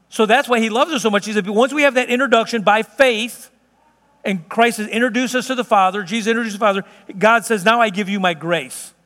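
A man's voice: extremely high pitch, pushed and bright, big-room sound. A man pastor preaching a sermon in an earnest, conversational way, telling vivid stories from everyday life.

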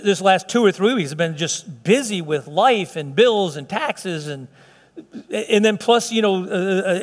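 A man's voice: sits high, long reverb tail. A middle-aged man preaching a sermon in church, conversational and playful, with frequent restarts and humorous asides. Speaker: pastor.

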